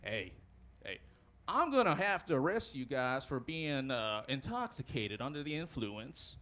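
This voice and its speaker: A man voicing a gruff male small-town cop who talks slowly and sounds suspicious. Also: mid-range voice, big pitch swings, fairly bright tone, voice pushed down.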